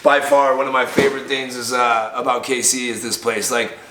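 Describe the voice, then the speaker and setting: An excitable, chatty man opens mail sent in by viewers, talking casually in a mid-pitched voice and now and then breaking into loud excited cries. His voice bounces around an echoey room, with a faint hiss underneath. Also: brisk. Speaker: bar owner and vlogger. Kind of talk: casual mail-opening vlog.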